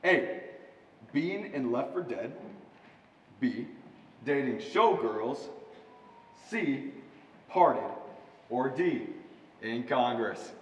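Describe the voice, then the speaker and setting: A man's voice: mid-range voice, expressive, drawn-out words, long pauses. A young man in a school stage play playing a teasing game show host with a showy announcer delivery, recorded far off in an echoey auditorium. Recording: echoey hall, distant stage mic, faint noise.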